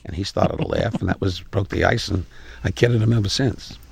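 An older man in his eighties with a New York accent, a comedian telling brash stories in an interview and getting loud at the punchlines. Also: fairly low pitch, a little fast. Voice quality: gravelly. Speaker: comedian guest. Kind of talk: interview anecdotes.

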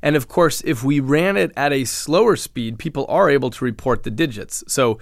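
Male scientist guest, measured explainer, mid-pitched, dry close recording. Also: creaky, dry recording. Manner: explanatory, measured, frequent restarts. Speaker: neuroscientist guest. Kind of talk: interview answers.

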